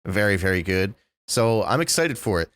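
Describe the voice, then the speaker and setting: A man's voice: fairly low pitch, very animated, moderate pace, fairly bright tone, no echo. A man co-hosting a podcast, blunt and wry in casual chat, swearing. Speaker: podcast co-host.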